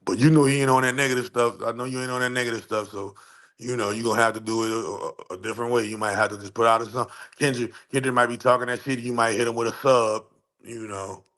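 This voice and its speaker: A man with a New Orleans accent hosting a casual commentary vlog, rambling and animated, climbing into incredulous squeaks. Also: quick pace. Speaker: vlog host.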